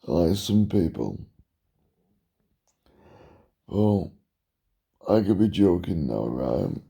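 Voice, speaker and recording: Here a tired vlogger meanders on camera, looping back over the same points and yawning from time to time. His gravelly, husky, mellow voice has lively intonation with sudden pitch jumps, and he draws out his words.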